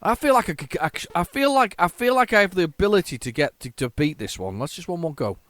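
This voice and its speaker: A man giving casual, excitable, self-mocking commentary while playing an old computer game. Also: high-pitched, fast, dry recording. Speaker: retro game tape reviewer.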